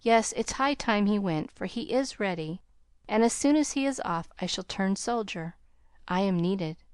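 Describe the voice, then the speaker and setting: A woman voicing a kind, earnest young male tutor in an audiobook, speaking gently and encouragingly. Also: medium pitch, lively intonation, normal speed, clean tone, dry recording, studio quality, lightly acted. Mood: gentle.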